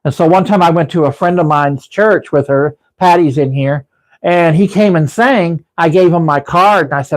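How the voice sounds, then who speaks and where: A man's voice: a little high, moderate pace, rough recording. A man hosting a live stream, telling a meandering story with lots of restarts. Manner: rambling storyteller, frequent restarts. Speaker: livestream host. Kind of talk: casual live-stream chat. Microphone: livestream setup.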